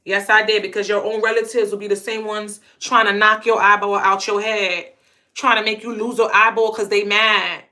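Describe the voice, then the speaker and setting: A woman's voice: medium pitch, flat delivery, moderate pace, sharp tone. A young adult woman vlogger telling a personal story to camera in a blunt, emphatic way, often stuttering through repeated words.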